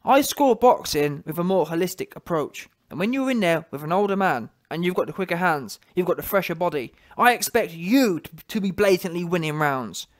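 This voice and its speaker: A man's voice: sits high, lively intonation, fairly quick, hardly any pauses. A man, a boxing commentator ranting to camera, emphatic and repetitive, challenging his viewers. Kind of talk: opinion rant to camera.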